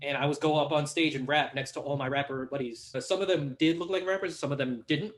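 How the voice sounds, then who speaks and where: A young man chatting as a podcast guest, animated and laughing, acting out quotes as he tells stories. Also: on the high side, quick pace. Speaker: podcast guest, hip hop artist. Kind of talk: casual conversation.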